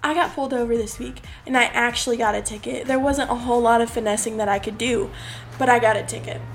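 A young woman with a slightly high voice, telling a personal story in a loose, chatty way and leaning on little fillers as she goes. She sounds like a podcast host talking straight to her listeners, with soft music under her voice. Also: fairly even intonation, fast. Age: young adult. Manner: chatty, rambling, lots of "like" and "um". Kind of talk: casual storytelling.

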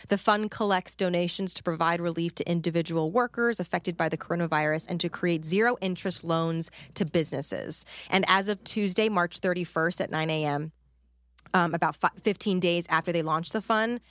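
A woman with a lowish voice co-hosts a casual podcast, wandering through her points with plenty of ums and the odd swear. The sound is dry and close, with no room around it. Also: a bit bright, no echo. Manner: rambling and profane, with frequent ums. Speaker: podcast co-host; out-of-work service industry worker. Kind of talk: casual chat.

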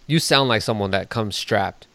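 Joking male podcast host, smooth clear tone, no room echo. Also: lowish voice, normal speed, a bit bright. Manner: joking, teasing. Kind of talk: casual podcast chat.

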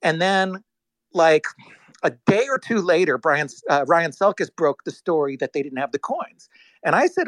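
A man's voice: on the high side, moderate pace, no room sound, rough recording. Rambling man telling a story, dry sound. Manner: rambling, animated, full of restarts and acted-out quotes. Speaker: guest. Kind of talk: casual storytelling on a live audio chat.

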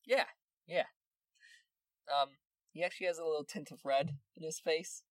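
Man running a tabletop game in a laid-back, filler-heavy style. Slightly high voice, dry close-mic sound with no room echo. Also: fast. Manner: relaxed, filler-heavy narration. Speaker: game master.

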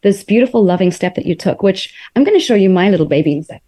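Enthusiastic woman interviewer with a warm, mellow voice. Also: medium pitch, expressive, quick pace. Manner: enthusiastic and encouraging. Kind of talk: casual interview chat.

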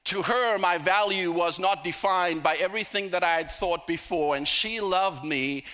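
A middle-aged man preaching a sermon, telling personal stories with humorous asides and slowing down for emphasis. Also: high voice, pushed and bright, soft background music.

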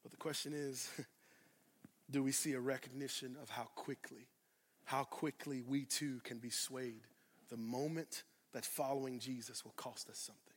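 A man preaching a sermon, swinging from loud declarations to hushed asides and repeating phrases for emphasis. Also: mid-range voice, steady tone, normal speed, slightly rough, long reverb tail. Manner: addresses congregation directly, repeats phrases for emphasis. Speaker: pastor.

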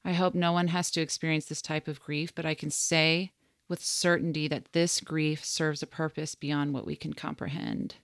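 A woman co-hosting a podcast, reading a written passage aloud in a soft, measured way while holding back tears. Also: sits low, flat delivery, no echo, studio quality. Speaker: podcast co-host.

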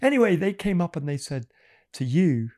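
A man telling a Christian testimony in conversation, animated and acting out the voices in his story. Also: on the high side, normal speed, dry recording, clean studio sound.

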